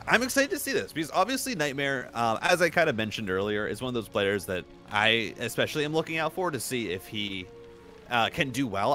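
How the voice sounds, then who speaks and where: Lively, bright-voiced male esports caster. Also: mid-range voice. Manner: chatty, analytical, frequent fillers and restarts. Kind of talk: live game commentary.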